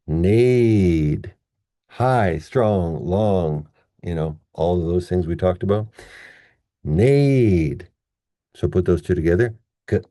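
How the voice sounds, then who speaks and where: A man teaching pronunciation at a whiteboard, patient and playful, slowly drawing out example words. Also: low voice, mellow, dry recording, studio quality. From Canada.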